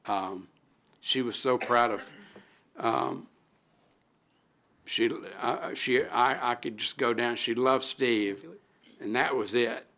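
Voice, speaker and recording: A middle-aged man, a city alderman, giving an emotional tribute at a council meeting, speaking haltingly with many restarts and pauses into a desk microphone. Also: medium pitch, bright, forceful tone.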